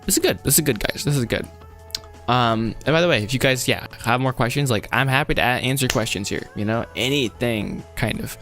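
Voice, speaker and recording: A man's voice: mid-range voice, brisk, fairly bright tone, soft background music. Rambling, chuckling man streaming live. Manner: rambling, self-interrupting, laughs often. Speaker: animation filmmaker livestreaming his script writing. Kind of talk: casual livestream chat.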